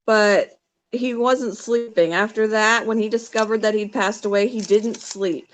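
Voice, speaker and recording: A middle-aged woman talks casually with her audience during a crafting session, at an ordinary middle pitch. Her speech is soft and a little rambling, and she often mutters half to herself while she works. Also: fairly even intonation, unhurried, slight background noise. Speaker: vlogger chatting with live viewers while crafting. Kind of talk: casual live-stream chat.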